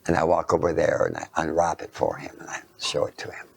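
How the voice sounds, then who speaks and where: A man lecturing through a personal anecdote, halting and self-mocking, dropping into hushed asides. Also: rumbling low, monotone, vocal fry, husky.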